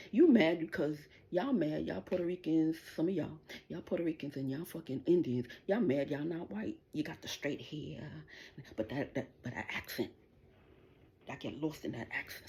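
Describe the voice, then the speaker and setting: A woman's voice: very deep voice, darkish tone, a little hiss or hum. A middle-aged woman hosting a livestream, delivering an angry, profane, taunting rant straight at the people she is addressing. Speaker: livestream host.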